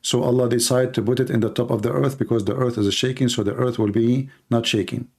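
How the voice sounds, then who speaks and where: A man's voice: medium pitch, steady tone, quick pace, creaky, darkish tone. A man hosting a call-in debate, pressing his caller with repeated challenging questions. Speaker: host.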